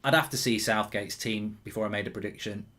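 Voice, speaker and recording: A man's voice: lowish voice, fairly even intonation, a little fast, sharp tone. A man hosting a live football watchalong, chatting casually, reading out viewer comments, with frequent ums and restarts.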